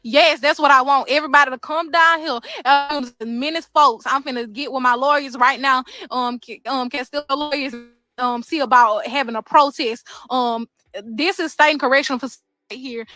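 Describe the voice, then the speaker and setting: A woman recounts her experience in a lively, upset way, quoting what people said to her. Her voice sits high and bright, and it sounds dry and close. She talks outside near the building. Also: normal speed, no room sound. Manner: upset, animated retelling with quoted dialogue. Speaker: inmate's sister recounting a prison visit. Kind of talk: casual first-person account. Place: outdoors near a prison.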